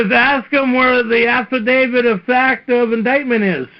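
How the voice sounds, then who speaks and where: A man's voice: extremely high pitch, fairly even intonation, moderate pace. A man hosting a casual talk-radio chat, telling long rambling stories over a dull lo-fi stream. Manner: rambling storyteller. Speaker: host.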